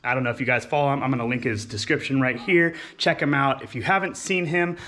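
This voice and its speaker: Excited young man showing off a car. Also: medium pitch, quick pace. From California. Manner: enthusiastic, filler-heavy, talks with his hands. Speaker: car vlogger. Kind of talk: casual walkaround vlog.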